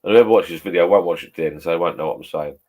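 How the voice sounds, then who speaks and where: Here a fifty-something vlogger talks rapid-fire in a deep, darkish voice, hanging out casually in his home pub shed. Several beers deep, he rambles, drops swear words and chuckles.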